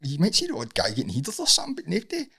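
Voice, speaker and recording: A middle-aged Scottish man, a guest on a casual podcast, telling animated stories with plenty of swearing. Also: a little high, very fast, vocal fry, breathy edge. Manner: animated storytelling, heavy swearing. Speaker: guest, Muay Thai coach.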